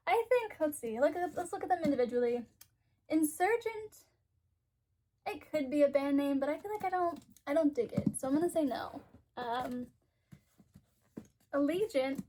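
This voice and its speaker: A woman book vlogger chatting casually, rambling and giggling as she thinks aloud, with a congested, stuffy voice. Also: high-pitched. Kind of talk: casual chat.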